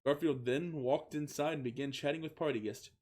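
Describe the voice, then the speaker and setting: A man doing a comedic reading of fan fiction, keeping a flat voice and often breaking into laughter. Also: fairly high pitch, a little fast.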